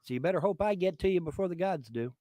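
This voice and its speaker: A man's voice: high-pitched, expressive, fast, warm tone. A man in his fifties on a livestream, swearing and making threats in a repetitive rant. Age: 50s.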